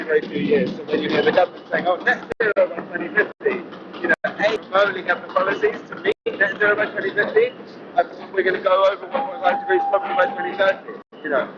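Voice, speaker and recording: Earnest activist man, loud street noise. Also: a little high, dull audio. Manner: earnest, rambling, heavy use of "you know". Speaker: climate activist interviewee. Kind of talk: street interview at a protest march. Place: outdoors at a street march.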